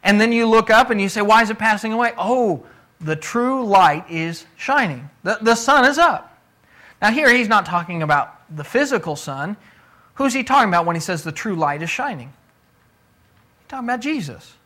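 A man's voice: sits high, animated, normal speed, bright, forceful tone. A man preaching a sermon in a conversational teaching style, asking rhetorical questions and pressing his points with emphasis. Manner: repeats words when restarting, emphatic.

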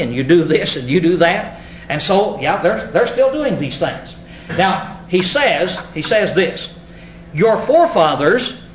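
A high-pitched man teaching scripture in a folksy, halting manner, often pausing on filler sounds. The recording is roomy and echoing, a little muffled, with faint ambient noise behind him. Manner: folksy, explanatory, halting with many uh's. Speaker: preacher. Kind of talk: Bible study sermon.

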